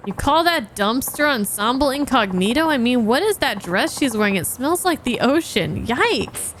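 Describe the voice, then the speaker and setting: A curious, dry-witted male tour guide, voiced by a woman dropping her pitch. He sounds easygoing and a little sardonic, read aloud from a game script. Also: very animated, normal speed, fairly bright tone, slight background noise. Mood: wry. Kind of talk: reading game dialogue aloud.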